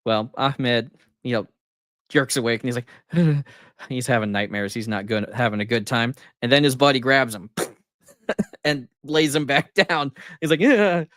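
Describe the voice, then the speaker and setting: Man, middle-aged, podcast co-host, lively storyteller, laughs a lot, dry close sound. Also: mid-range voice, measured pace, dry recording. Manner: animated retelling, laughing often, acting out quotes. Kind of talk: casual storytelling chat.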